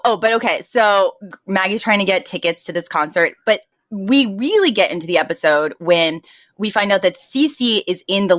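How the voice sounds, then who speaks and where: A woman's voice: fairly low pitch, no echo. A young adult woman co-hosting a podcast, retelling a sitcom episode in casual chat with frequent laughs. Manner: laughs often, animated retelling with quoted lines. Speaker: podcast co-host.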